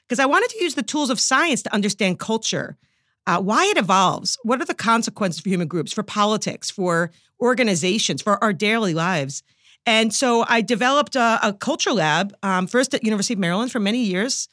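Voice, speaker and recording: Animated New York woman telling stories. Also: mid-range voice, no echo, studio quality. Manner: animated storyteller, laughs easily. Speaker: guest, psychology professor. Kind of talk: conversational interview answers.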